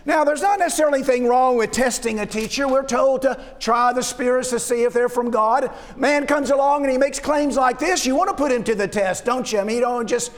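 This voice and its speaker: A man's voice: very high voice, fairly quick, hardly any pauses. A man preaching a sermon, often restarting and repeating words and asking rhetorical questions. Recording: long reverb of a large hall.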